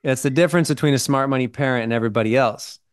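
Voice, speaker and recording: A man's voice: medium pitch, very fast, smooth. A man co-hosting a podcast, explaining ideas in casual chat and checking in with "right?" and "okay?". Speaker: podcast co-host.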